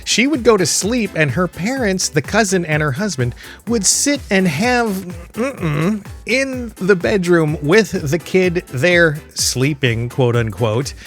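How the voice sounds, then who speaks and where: A man with a fairly high voice tells a loose, rambling story in a casual way. He chuckles often and corrects himself mid-sentence. Faint video game music plays underneath. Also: animated, slow, a bit bright. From Michigan, USA. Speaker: gaming channel host. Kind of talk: casual storytelling over gameplay.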